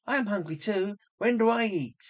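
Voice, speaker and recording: A man voicing Lois Lane as a curious, suspicious young woman while reading a comic book aloud, with excited, questioning exclamations. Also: sits high, normal speed, muffled recording, voice pushed up, close to an everyday voice.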